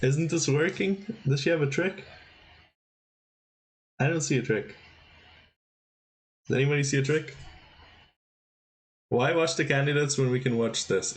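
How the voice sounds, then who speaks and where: A man giving casual live chess commentary on a stream, thinking aloud and exclaiming at the players' mistakes. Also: medium pitch.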